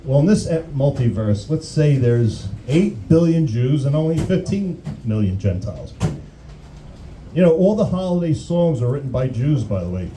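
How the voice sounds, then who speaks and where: A man's voice: mid-range voice, big pitch swings, normal speed, mellow, slight background noise, poor audio. A man doing a crude, rambling stand-up comedy routine, often restarting his sentences. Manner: rambling, crude, self-interrupting.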